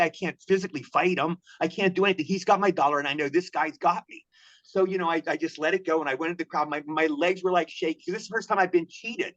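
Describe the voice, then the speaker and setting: A man in his sixties from Maryland, telling long animated anecdotes as an interview guest, often repeating himself. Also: high voice, lo-fi sound. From Maryland, USA. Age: 60s. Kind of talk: storytelling interview.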